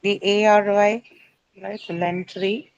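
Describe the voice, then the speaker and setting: A woman's voice: on the low side, moderate pace, no room sound, highs cut off. A woman teaching English word stress to a class. She explains step by step, often says "uh", and asks her students questions.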